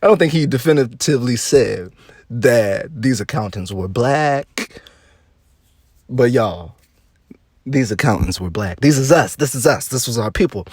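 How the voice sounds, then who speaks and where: A man talks through celebrity news in a loose, rambling way. He repeats phrases, swears casually and breaks into laughter. His voice sits at a mid pitch, and the recording is dry and close. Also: a little mellow, husky, no echo. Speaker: vlogger commenting on celebrity news.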